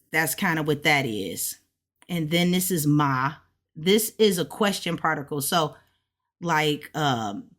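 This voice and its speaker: A woman learning a language who casually walks through her study notes, chatty and relaxed, often checking in with "right?". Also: low voice, a little slow. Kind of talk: casual step-by-step explanation.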